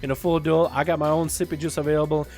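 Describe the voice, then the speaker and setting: A man's voice: on the high side, little pitch movement, quick pace, darkish tone, soft background music, natural voice. A man voicing a cocky young male rogue duelist in a casual, boastful way, in the middle of game commentary.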